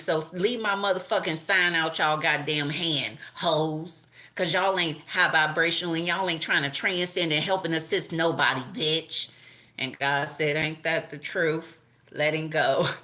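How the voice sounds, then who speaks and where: A middle-aged woman giving a casual tarot and astrology reading, blunt and profane, animated and laughing often. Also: on the low side. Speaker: tarot reader.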